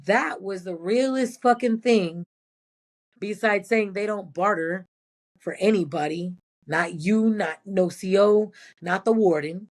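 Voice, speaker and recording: A woman's voice: mid-range voice, a little slow. A former prison nurse, a woman, telling blunt and profane stories in a casual interview.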